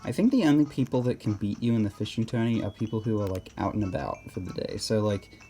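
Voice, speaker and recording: Man, casual gameplay commentary, rambling, hesitant, warm mellow tone, faint hiss. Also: fairly low pitch, fast talker. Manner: rambling, hesitant, many restarts and fillers.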